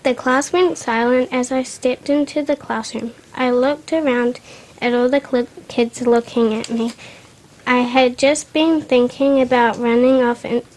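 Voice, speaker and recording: A woman's voice: high voice, steady tone, a little slow, darkish tone, slight background noise. A woman reads a first-person story aloud in a plain, unpolished way, often stumbling and restarting words. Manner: unpolished reading with restarts and slips.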